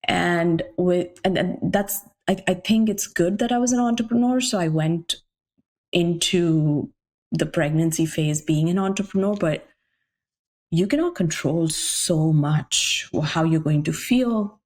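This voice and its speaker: A pregnant woman from India, a guest on a podcast, telling stories in a lively way and acting out her own past remarks. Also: fairly low pitch, unhurried. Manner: animated storyteller, often acting out remarks she once made. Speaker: guest entrepreneur. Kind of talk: casual podcast chat.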